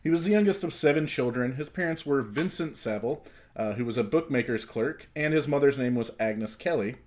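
A man's voice: medium pitch, expressive, brisk, a little mellow, a little hiss or hum. A man co-hosting a comedy podcast who reads out background facts in casual chat. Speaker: podcast co-host.

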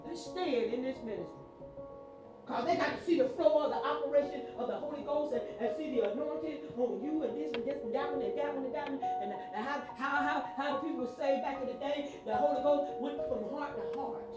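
A woman pastor preaching a fervent sermon, repeating herself and building to shouts. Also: high-pitched, a little fast. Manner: fervent, rising to shouts, repetitive call-outs. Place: church. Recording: echoey room from far off, music behind.

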